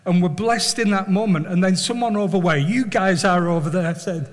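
A man preaching with animated earnestness, often repeating words as he builds his point. His voice is high for a man. Long reverb fills a large hall around him. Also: fairly quick, hardly any pauses. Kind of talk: sermon with storytelling.

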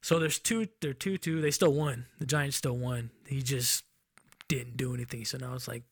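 A man's voice: mid-range voice, steady tone, normal speed, husky, no room sound, studio quality. A young man hosting a casual sports podcast, rambling through standings in a loose, profane way and correcting himself as he goes. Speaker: podcast host. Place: Enumclaw, Washington.

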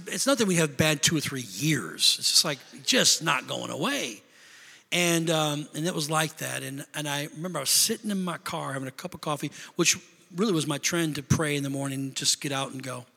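A middle-aged man preaches in a large church hall, and his bright, ringing voice carries a long reverb. He tells stories, rising to loud bursts, then dropping to a hushed, confessional tone. His pitch sits a little high for a man. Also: creaky. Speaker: pastor. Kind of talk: sermon.

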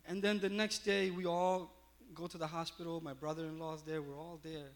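Brief: male pastor, fairly high voice, animated storyteller, loose and chatty. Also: a little fast, gravelly. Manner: animated storytelling with many fillers. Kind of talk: sermon.

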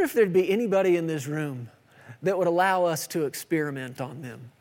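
A man's voice: fairly high pitch, expressive, fairly quick, darkish tone. A man in his thirties preaching a sermon, emphatic and repetitive with playful asides. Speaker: pastor. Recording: long hall reverb.

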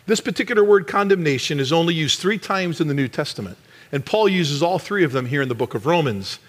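A middle-aged man preaching a sermon in church, animated and sometimes rising to a shout for emphasis. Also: fairly high pitch, fast. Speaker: pastor.

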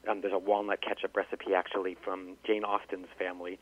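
A man's voice: low-pitched, flat delivery, a little fast. A man, an author and linguist, storytelling in a phone-in interview with many restarts. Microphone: telephone. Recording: tinny phone line.

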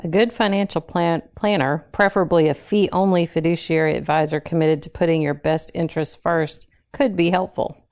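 A woman's fairly low voice joins the show as co-host. She reads passages aloud in an even tone and adds short replies to the main host. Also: normal speed. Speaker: radio co-host. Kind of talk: reading aloud and brief interjections.

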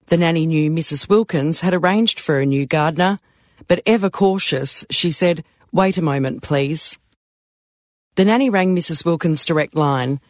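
A man narrating a story in a calm, measured way. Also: on the high side, no echo, clean studio sound.

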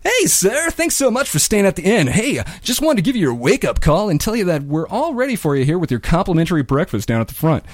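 A man's voice: sits high, sing-song, fast, hardly any pauses, dry recording, studio quality, pitched above the performer's own voice. A man putting on the voice of an overly cheerful male hotel clerk making a wake-up call, chipper and sing-song.

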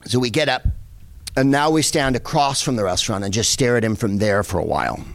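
Mann erzählt lebhaft eine Anekdote. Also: male voice, mid-range voice, brisk, creaky. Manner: animated anecdote-telling with asides and profanity. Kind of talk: casual storytelling.

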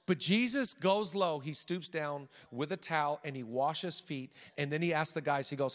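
Male pastor, high and bright, jokey sermon delivery, big reverberant church hall. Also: moderate pace, few pauses. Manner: conversational, humorous, animated.

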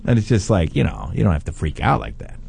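A man's voice: low-pitched, fast talker, creaky, noisy background. A man hosting a podcast, a comedian telling stories with acted-out voices and plenty of swearing in casual chat. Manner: animated storytelling, acts out voices, swears freely. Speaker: podcast host, stand-up comedian.

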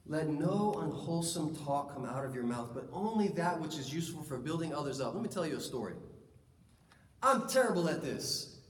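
A man preaching a sermon in a church, lively and conversational, acting out stories. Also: fairly high pitch, a little fast, a little hiss or hum. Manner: lively, conversational, acts out anecdotes. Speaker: pastor. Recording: echoey hall, distant mic, faint ambience.

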